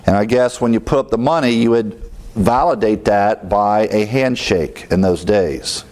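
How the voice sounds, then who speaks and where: A man's voice: lowish voice, normal speed, a little mellow. Man teaching a Bible passage, conversational. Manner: conversational, with fillers and chuckles.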